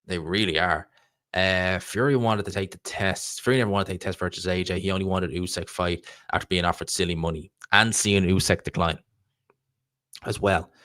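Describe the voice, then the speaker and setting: A man's voice: low voice, fairly even intonation, fairly quick, fairly bright tone, no echo, studio quality. An Irish man hosting a live stream, chatting casually and rambling through answers to viewer questions. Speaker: livestream host reading viewer chat.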